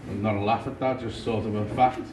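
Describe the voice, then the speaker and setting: A young man from Liverpool with a Scouse accent, doing a dry, deadpan stand-up set in a small comedy club. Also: on the low side, fast talker. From Liverpool, England. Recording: roomy far-off club recording with crowd noise.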